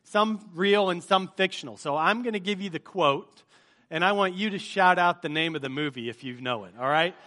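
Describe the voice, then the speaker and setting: A high-pitched man with a bright, forceful voice opens a sermon for a live congregation. He talks in a chatty, joking way and quizzes the crowd with energy. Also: normal speed. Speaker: pastor. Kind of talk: sermon opening with a movie-quote game. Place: church service before a live congregation.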